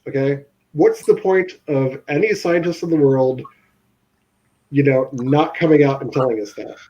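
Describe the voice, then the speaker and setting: A man's voice: medium pitch, moderate pace. Rambling man on a lo-fi line. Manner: rambling, animated storytelling, frequent laughs. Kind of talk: casual panel chat.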